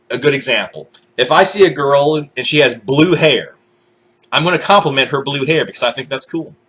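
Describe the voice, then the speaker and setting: Husky, lively-voiced man ranting. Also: fairly high pitch. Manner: profane, animated, acts out quoted voices. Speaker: vlogger. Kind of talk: casual ranting monologue.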